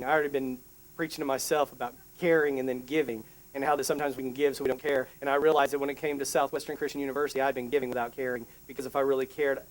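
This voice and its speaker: A middle-aged man preaching a sermon, an emotional storyteller who restarts sentences and adds quick asides. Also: mid-range voice. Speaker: pastor.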